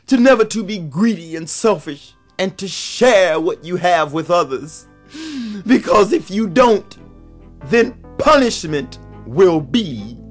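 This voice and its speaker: A man voicing a greedy, boastful male trickster spider in a told folktale, with a wheedling, pleading manner. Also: high voice.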